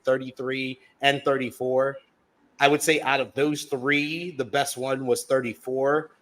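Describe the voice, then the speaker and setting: A man's voice: medium pitch, a bit bright. A man hosting a casual live podcast, upbeat and chatty as he reads out the chat. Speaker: podcast host.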